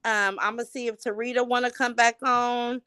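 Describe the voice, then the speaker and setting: Woman host, easygoing, slangy, high voice, sharp bright tone. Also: flat delivery, moderate pace, clear, resonant tone, no room sound. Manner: easygoing, affirming callers with slang. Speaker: live stream host. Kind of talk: casual live-stream chat.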